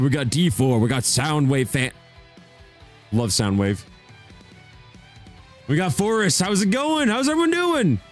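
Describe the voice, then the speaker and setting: Lively, laughing young male streamer. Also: medium pitch. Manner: animated, jokey, laughs often, swoops up when greeting viewers. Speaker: streamer host. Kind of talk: casual livestream chat.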